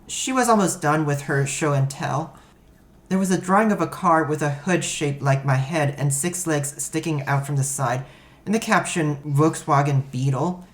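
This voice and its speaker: Low, deep-toned female narrator, dry matter-of-fact story reading. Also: moderate pace. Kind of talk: first-person story narration.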